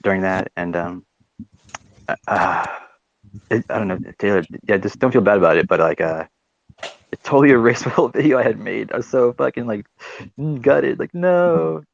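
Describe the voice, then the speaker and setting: A man's voice: on the low side, moderate pace, gravelly, no echo, lo-fi sound. A man hosting a live audio chat room, rambling casually with lots of fillers and swearing. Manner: rambling, swears, many fillers like "you know" and "right".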